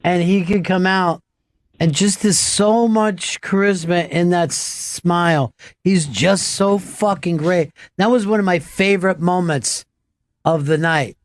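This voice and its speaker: A man's voice: high-pitched, unhurried, dry recording. A man hosting a radio show in loose, profane, casual chat full of fillers.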